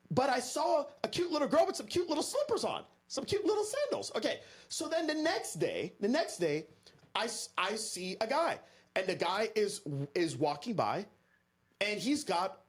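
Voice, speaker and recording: A man from Florida, a podcast guest, telling a story in an energetic, emphatic way and talking straight to the listeners. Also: high voice, slightly rough. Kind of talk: animated storytelling to an audience.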